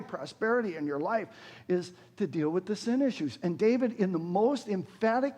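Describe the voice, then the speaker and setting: Earnest older male preacher, high voice. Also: a little mellow. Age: 60s. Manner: earnest preaching, voice rising and falling sharply when quoting scripture. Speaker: pastor. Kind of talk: sermon.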